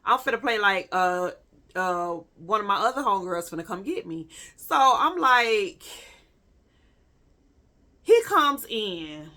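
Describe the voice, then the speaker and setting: A young adult woman vlogger telling a personal story in a casual, animated and profane way, talking straight to her viewers. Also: mid-range voice, slow pace, long pauses.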